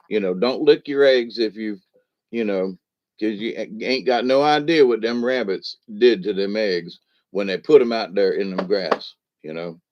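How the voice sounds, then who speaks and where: A man's voice: on the low side, lo-fi sound, a little hiss or hum. Rambling folksy man on a livestream. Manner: rambling, folksy, reacting to chat. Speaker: livestream host. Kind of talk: casual late-night chat.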